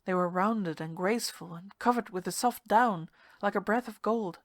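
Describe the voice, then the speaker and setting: A woman narrating a ghost story in a measured, hushed storytelling manner. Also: medium pitch, dry recording. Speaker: story reader.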